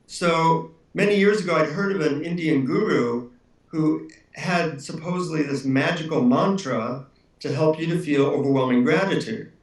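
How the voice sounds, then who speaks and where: A man, an author being interviewed, telling relaxed anecdotes with frequent fillers. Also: a little high, moderate pace. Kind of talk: anecdotal storytelling. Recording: roomy room, distant mic.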